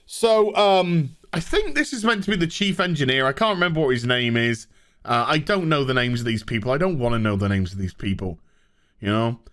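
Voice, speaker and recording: A man's voice: medium pitch, expressive, a little fast, a bit bright. A man ranting in a sarcastic, dismissive TV review. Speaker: show reviewer.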